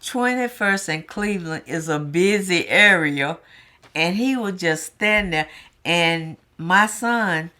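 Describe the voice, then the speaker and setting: A middle-aged woman telling family stories in a documentary interview, in an unhurried, heartfelt way. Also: on the low side, expressive, bright, forceful tone. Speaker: interviewee, sister.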